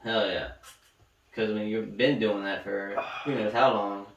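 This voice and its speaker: A man's voice: on the low side, unhurried, gravelly, dull audio. A man co-hosting a podcast, riffing through casual stories with plenty of swearing. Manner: riffing, animated storytelling with swearing. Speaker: podcast co-host. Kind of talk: casual chat. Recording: echoey room, mic at a distance, faint hiss.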